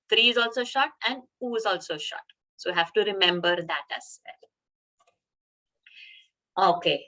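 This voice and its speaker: A woman teaching a chanting class over a video call, slowly sounding out syllables to show the right pronunciation. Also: medium pitch, bright, forceful tone, rough recording. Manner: slow, careful syllable-by-syllable demonstration. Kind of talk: online chanting lesson.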